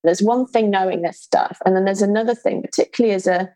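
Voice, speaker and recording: A woman's voice: medium pitch, steady tone, fast talker, mellow, no echo, rough recording. A woman hosting an interview, speaking thoughtfully and in a casual, reflective way. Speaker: podcast host.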